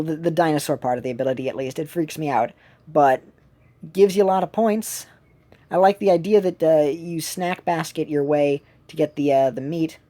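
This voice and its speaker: Woman streamer, low and mellow, loose rambling play-along chat from home. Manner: rambling, many fillers and restarts. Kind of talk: casual gameplay commentary.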